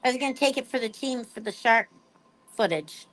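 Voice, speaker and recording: A woman with a fairly high voice chats to her pet birds and her viewers. Her talk is playful and rambling, full of casual asides. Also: expressive, a little fast, fairly bright tone. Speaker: pet bird vlogger.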